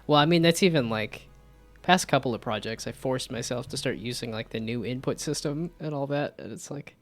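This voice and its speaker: Rambling game-dev streamer, faint music. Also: male voice, medium pitch, a little fast. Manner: rambling, self-deprecating, frequent restarts. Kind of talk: casual live-stream chat.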